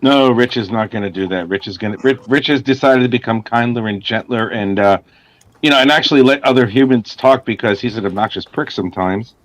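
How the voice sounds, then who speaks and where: A man co-hosting a livestream, joking at his own expense and stammering over his words. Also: medium pitch. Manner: self-deprecating, stammering, quick jokes. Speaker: co-host. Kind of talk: casual livestream banter.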